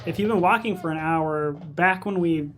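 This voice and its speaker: A game master narrating a tabletop game in a halting way, with lots of fillers. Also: mid-range voice, fairly bright tone, slight background noise. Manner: halting, full of likes and ums.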